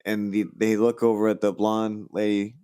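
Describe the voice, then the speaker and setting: A man's voice: fairly low pitch, little pitch movement, normal speed, mellow, clear, resonant tone, no room sound. A man hosting a podcast, casually telling a long joke with lots of fillers and restarts, and raising his voice for the characters in it. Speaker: podcast host. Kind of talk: casual chat.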